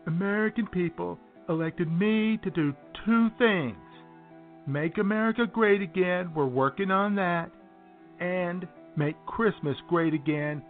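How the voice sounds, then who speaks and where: A man doing a bragging president-elect impression. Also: sits high. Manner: bragging, repetitive superlatives. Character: boastful, self-congratulating male president-elect impression. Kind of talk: comedy radio impression. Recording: tinny phone-like radio audio with music.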